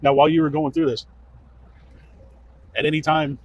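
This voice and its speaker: A man's voice: fairly high pitch, flat delivery, moderate pace, slight background noise. A male investigator asking plain, methodical questions at an outdoor roadside scene. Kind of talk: recorded police interview. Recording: dull lo-fi field recording.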